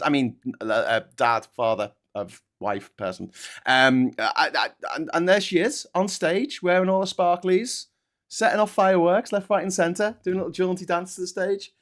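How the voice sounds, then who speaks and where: A man's voice: on the high side, normal speed. A man hosting a casual political chat show, sarcastic and mocking, swearing freely. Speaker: political commentary host.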